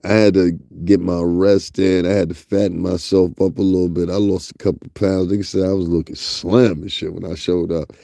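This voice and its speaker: Host: young man with a Northeastern US accent, mellow and dry-sounding, crude, laughing gossip talker. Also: low voice, flat delivery, brisk, creaky, few pauses, dry recording. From US tri-state area. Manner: laughs often, crude and joking. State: sleepy, up early. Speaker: commentary channel host. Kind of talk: casual gossip commentary.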